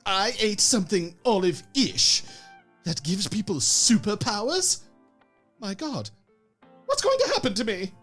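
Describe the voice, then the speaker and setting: A man's voice: high voice, big pitch swings, measured pace, fairly bright tone, faint music behind, full character voice. An actor playing a posh, anxious crewman who frets and frets. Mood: alarmed. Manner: posh, fretful. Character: snobbish, anxious male crewman. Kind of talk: comedic audio drama.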